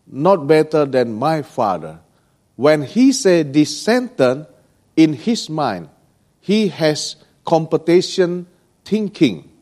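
A man's voice: medium pitch, a little mellow. A man preaching a sermon as pastor, in broken with frequent checking "yeah?" asides.

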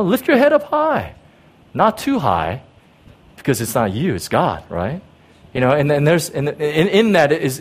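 A pastor preaching a sermon in an emphatic way, repeating key words and often checking in with his listeners. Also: fairly high pitch.

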